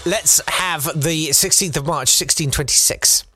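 A man's voice: a little high, a little slow, bright, forceful tone, no echo, soft background music. A man co-hosting a comic history podcast, telling a story playfully and slipping into silly voices. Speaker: podcast co-host.

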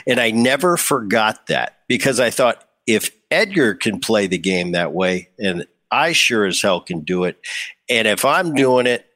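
In casual podcast chat, a middle-aged male host spins stories, quoting other people in an animated way. He speaks unhurriedly with a fairly low pitch.

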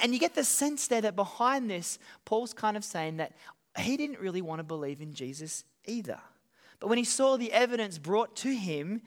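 A man preaching a sermon and explaining a passage in an earnest way, with sudden emphatic rises. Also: high voice. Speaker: pastor.

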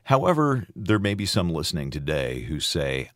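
A man's voice: sits low, very animated, normal speed, no echo. A man hosting a Christian radio show, friendly and affirming, introducing the pastor and the message. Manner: friendly, affirming with short replies.

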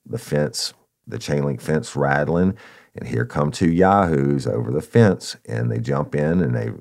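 A middle-aged man with a drawl tells a story to his listeners. His voice sits extremely low and has a rough, gravelly edge. He talks casually and curses freely, calling his audience "y'all". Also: darkish tone. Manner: folksy and profane, addresses listeners as y'all. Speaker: podcast storyteller, former narcotics officer. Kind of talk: casual first-person storytelling.

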